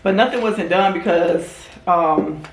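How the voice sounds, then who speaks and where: A woman vlogger telling a casual story to her camera, animated and acting out what people said. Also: unhurried, slight background noise. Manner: animated storyteller, acts out quotes in a higher voice. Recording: echoey room.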